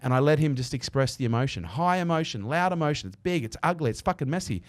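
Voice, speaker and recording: Brief: male podcast guest, rapid and earnest, swears casually, dry close sound. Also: a little high, expressive, no room sound. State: he is a parent. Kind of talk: candid conversational interview.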